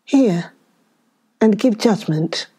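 A woman's voice: mid-range voice, lively intonation, very slow, mellow, husky, voice pushed up, full character voice. A woman voicing a frightened old male holy man who begs and stammers in a children's story. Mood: pleading. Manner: pleading, stammering.

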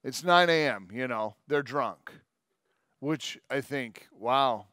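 A male pastor giving a sermon in a conversational, joking way, with quick asides and long scripture readings. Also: medium pitch, expressive, fairly bright tone, dry recording, clean studio sound. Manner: reads scripture aloud at length.

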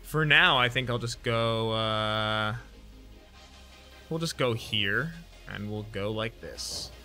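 A man streaming a card game, chatting casually, laughing often and counting out loud as he plays. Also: lowish voice, takes it slowly, faint music behind. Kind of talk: casual gameplay chat.

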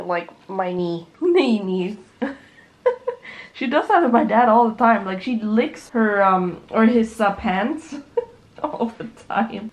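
A woman vlogging in a casual, chatty way, laughing often and swearing now and then. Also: a little high. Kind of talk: casual vlog chat. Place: partly outdoors at night.

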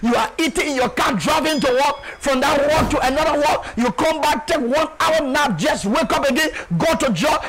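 Male pastor with a very high voice, an emphatic sermon delivery and a faint hiss behind him. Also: normal speed, hardly any pauses. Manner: emphatic, repetitive, often shouting.

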